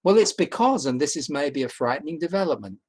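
A man giving an online academic talk as a guest professor, measured and emphatic, posing rhetorical questions to his audience over a video call. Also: a little high, animated, darkish tone, breathy edge. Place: indoors at home during rain.

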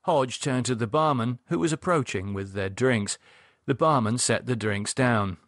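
Man, audiobook narrator, husky, lively expressive reading, dry close recording. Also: mid-range voice, a little slow, dry recording. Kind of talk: scripted narration.

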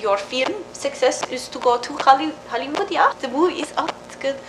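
An actress plays a humble, emotional Czech immigrant mother, talking in halting, broken English full of fillers and soft laughs, her voice sitting a little high. The old film recording hisses and crackles behind her. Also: roomy sound. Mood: tearful. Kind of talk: mock documentary interview acting.

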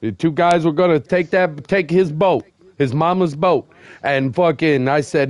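A man with a fairly high voice, recorded dry and close, boasts and jokes with his gaming friends. He keeps calling them by name, and his talk is rough and playful. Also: unhurried, no room sound. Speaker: gamer. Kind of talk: casual chat while gaming.

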